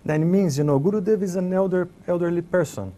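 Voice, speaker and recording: A man with an Italian accent, speaking English as a second language, telling memories in a relaxed conversation and often restarting as he searches for words. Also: sits high, quick pace, slight background noise. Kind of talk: casual reminiscing conversation.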